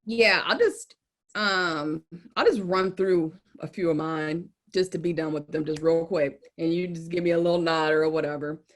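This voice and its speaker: A woman with a somewhat low voice chats casually as a podcast co-host. She talks bluntly, swears freely and throws in laughing asides. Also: normal speed. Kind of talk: casual chat about a TV show.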